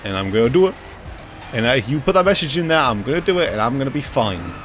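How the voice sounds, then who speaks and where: A man's voice: medium pitch, big pitch swings, fast talker, fairly bright tone, soft background music. A young man ranting and joking casually to his chat during a gaming livestream. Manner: jokey, ranting, reacts to chat, swears casually.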